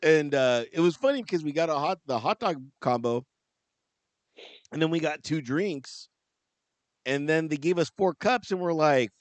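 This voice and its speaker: A man with a fairly high voice co-hosts a podcast in easygoing chat, breaking into laughter and acting out quotes as he tells stories. He sounds close and dry, with no room around him. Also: expressive, moderate pace, no room sound. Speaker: podcast co-host. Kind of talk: casual chat.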